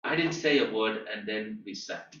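A man tells a story to a class in a lively, animated way, his voice leaping up for emphasis and sinking low for quiet moments. His tone is bright and forceful. He is recorded from across a roomy, echoing space, and the sound is a little dull. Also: normal speed, a little hiss or hum. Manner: animated storyteller, emphatic rises and soft drops. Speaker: guest teacher. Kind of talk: storytelling lecture. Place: teaching room at a training school. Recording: echoey room, far from mic, dull sound.

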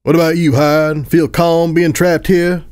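A cocky male pony soldier with a smirking, sarcastic delivery, as a male reader puts him on. The voice sits a little higher than the narration. It comes from a fan audiobook. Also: level tone, a little slow, a little mellow, clean tone, close to an everyday voice.

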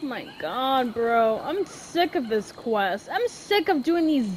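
A woman's voice: sits high, big pitch swings, slow pace, slight background noise. A woman giving casual gameplay commentary, swearing and shrieking in panic as things go wrong. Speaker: gameplay streamer.

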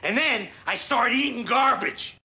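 A woman putting on a rowdy male trash man who boasts about throwing and eating garbage, in a loud, boastful chant. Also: fairly high pitch, measured pace.

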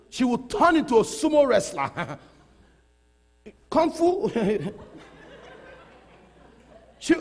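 A middle-aged man preaching a sermon in a church hall. He talks in an animated way, laughs often and repeats phrases for emphasis. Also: high-pitched, vocal fry, slightly rough. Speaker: pastor. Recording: long reverb of a large hall.

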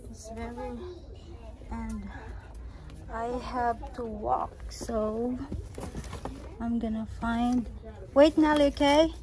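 A woman's voice: a little high, fairly even intonation, drawn-out words, pauses often. A mother hosting a casual family vlog, coaxing her child along as they shop in a store, filmed on a handheld phone. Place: inside a busy store. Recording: noisy store background.

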